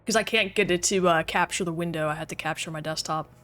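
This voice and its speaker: A woman's voice: on the low side, fairly even intonation, fast, fairly bright tone, soft background music. A woman chatting casually with her livestream chat while playing a game, goofy and talkative, reading comments aloud. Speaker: game streamer.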